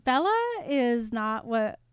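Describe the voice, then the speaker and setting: Slow-talking woman, laughing along. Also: a little high, crowd noise. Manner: enthusiastic, laughs readily, reacts warmly. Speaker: podcast co-host. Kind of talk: casual chat.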